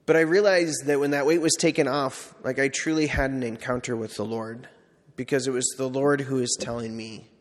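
A priest giving a casual, self-deprecating personal testimony, full of "like" and quoted asides. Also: male voice, mid-range voice. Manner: conversational, self-deprecating storytelling with many "like"s. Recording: long hall reverb.

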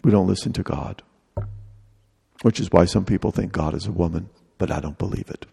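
A man's voice: low-pitched, brisk, gravelly, warm tone, husky, in a large hall, soft background music. A man preaching a sermon in a humorous, conversational way, acting out little dialogues.

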